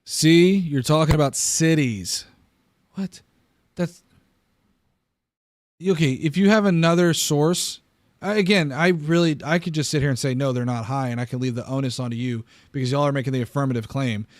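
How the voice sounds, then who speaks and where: A man's voice: fairly high pitch, moderate pace, no room sound. Emphatic man talking into a dry mic. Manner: argumentative, emphatic, restarts and stammers. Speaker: political commentary host. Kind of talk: casual reaction commentary.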